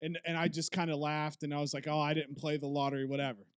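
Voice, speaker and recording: A man's voice: on the high side, quick pace, clean tone, dry recording, clean studio sound. A man co-hosting a podcast, telling a funny story in casual chat and laughing through it. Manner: animated, laughs through his stories. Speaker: podcast co-host.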